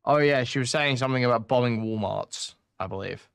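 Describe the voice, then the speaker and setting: A man's voice: medium pitch, brisk, creaky, clean tone. A man reacting to a stream clip in casual commentary, laughing and swearing freely.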